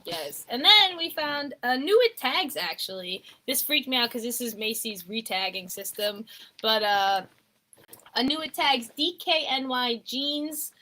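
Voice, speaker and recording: A woman's voice: on the high side, animated, a little slow, pushed and bright. A woman in her twenties co-hosting a live stream, chatting in a rambling way and laughing often. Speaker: co-host of a clothing resale channel. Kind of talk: casual live-stream haul chat.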